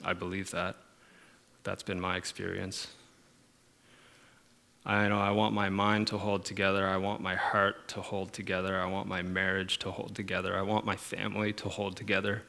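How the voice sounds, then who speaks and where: Low-voiced man preaching earnestly. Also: monotone, moderate pace, creaky. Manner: earnest, swings from quiet musing to emphatic stresses. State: emotional at moments. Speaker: pastor. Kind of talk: sermon.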